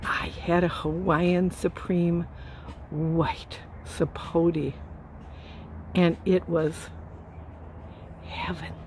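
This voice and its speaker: Slow-talking playful woman in a garden. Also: fairly low pitch, little pitch movement, a little mellow, a little hiss or hum. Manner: playful, whispers at times. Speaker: channel host. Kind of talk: casual garden vlog. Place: backyard garden outdoors.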